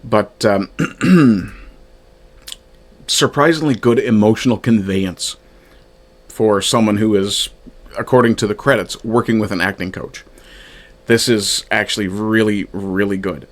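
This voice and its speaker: In a fairly low-pitched, unhurried voice with long pauses, a man reviews a fan film, reading from his own notes. The media reviewer thinks aloud casually, often stumbling into fillers and restarts.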